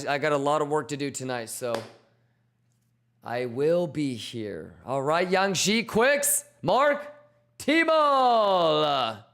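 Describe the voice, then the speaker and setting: A man hosting a casual crypto trading livestream, reading out chat names with loose, slangy, hyped shout-outs. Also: a little high.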